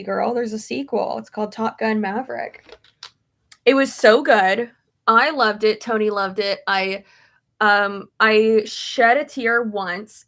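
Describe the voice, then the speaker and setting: Young woman, casual vlog chat, rambling and filler-heavy, slight vocal fry, fairly high voice. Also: a bit bright. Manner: chatty, rambling with many fillers. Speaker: beauty vlogger answering viewer questions.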